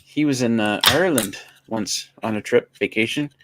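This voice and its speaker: A man co-hosting a casual livestream, joking and telling stories in a lively way. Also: medium pitch, moderate pace, very noisy. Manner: joking, storytelling, animated. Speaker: livestream co-host.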